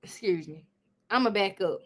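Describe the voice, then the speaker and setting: A woman hosting a live reaction commentary from her home, laughing loudly and talking straight to her viewers. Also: medium pitch, moderate pace. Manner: loud laughing, animated, talks to viewers. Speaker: commentary host.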